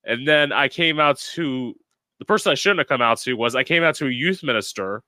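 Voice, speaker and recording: A man's voice: medium pitch, expressive, a little fast, pushed and bright, no echo. A young man as an interview guest, telling a personal story in a candid, dramatic and profane way.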